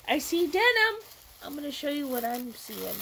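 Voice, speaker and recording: Gushing, tearful woman vlogger with a gravelly edge. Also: high-pitched, sing-song, a little slow, fairly bright tone, a little hiss or hum, poor audio. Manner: laughs often. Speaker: crafting vlogger. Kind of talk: unboxing vlog.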